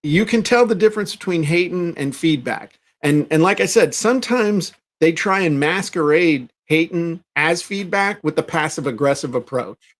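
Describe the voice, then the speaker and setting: A middle-aged man chats on a podcast with a slightly raised pitch. He tells stories with energy and acts out the people he quotes. It is a relaxed, conversational delivery. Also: moderate pace. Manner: animated storyteller acting out quotes. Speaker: podcast co-host. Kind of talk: casual podcast chat.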